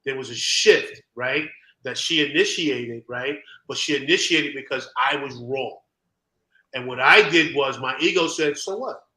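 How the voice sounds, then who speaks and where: A man's voice: medium pitch, unhurried, sharp tone. A man co-hosting a casual talk show, speaking emphatically and often backing up his partner. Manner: emphatic, frequent affirmations. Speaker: podcast co-host. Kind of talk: casual chat. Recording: roomy echo.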